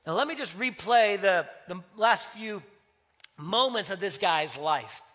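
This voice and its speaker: A man's voice: high-pitched, lively intonation, measured pace, pushed and bright. A man preaching a sermon as pastor, talking in a conversational way and telling stories with acted-out dialogue.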